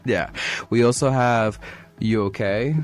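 A man's voice: mid-range voice, takes it slowly, faint music behind. A man co-hosting a casual language podcast, joking around and agreeing readily with his partner. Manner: jokey, animated, agreeable, says "yeah" a lot. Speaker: language assistant co-host.

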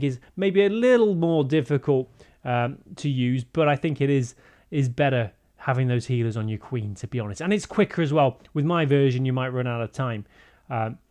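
A man's voice: on the high side, a little mellow. A man giving casual, jokey commentary over a strategy game, rambling into silly asides. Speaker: gaming YouTuber.

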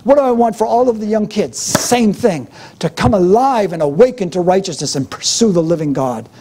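Middle-aged guy preaching, high husky voice, fervent and repetitive. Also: expressive, moderate pace, warm tone. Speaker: pastor. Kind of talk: sermon.

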